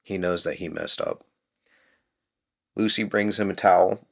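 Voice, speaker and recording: A man's voice: low-pitched, fairly even intonation, measured pace, vocal fry. A man casually recapping a book chapter and musing aloud with questions about it. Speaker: book discussion host.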